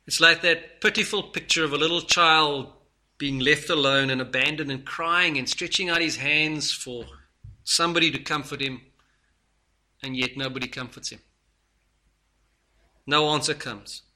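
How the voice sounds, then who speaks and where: Male preacher, fairly high, very bright tone, earnest sermon delivery. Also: fairly even intonation, moderate pace, pauses often. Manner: earnest, swinging from loud to hushed.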